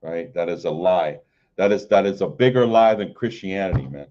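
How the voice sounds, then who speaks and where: A man preaching an informal livestream sermon, repeating "man" and "right?" between phrases and reading scripture in a drawn-out way. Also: deep voice, animated, darkish tone, muffled recording. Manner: repeats "man" and "right?", stammers and restarts, slow KJV reading. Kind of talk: informal street-style sermon.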